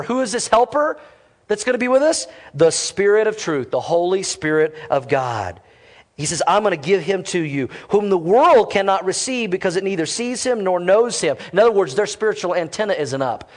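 A middle-aged man preaching a sermon to his church, lively and conversational with quick casual asides. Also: high voice, long reverb tail. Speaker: pastor.

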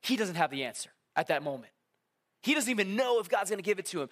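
A man preaching a casual sermon, talking to the crowd like a friend, with quick asides and acted-out quotes. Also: sits high, lively intonation, fairly bright tone. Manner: conversational, acts out quotes, many asides.

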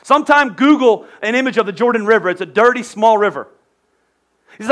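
High-voiced man preaching casually. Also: fast. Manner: lively, conversational, self-correcting. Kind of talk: casual sermon storytelling.

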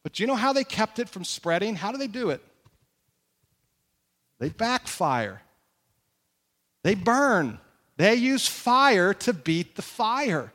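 A man's voice: high-pitched, sing-song, slow pace, pauses often, a bit bright. A man preaching a conversational sermon as pastor, with emphatic repetition and rhetorical questions. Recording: long hall reverb.

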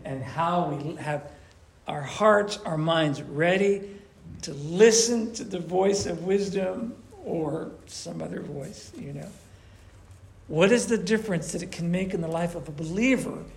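A man preaching to his congregation in a relaxed, chatty way, with a slightly raised, gravelly voice. He breaks into quick acted voices to make his points. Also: on the high side. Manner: animated, conversational, acts out voices. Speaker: pastor. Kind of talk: sermon. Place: church.

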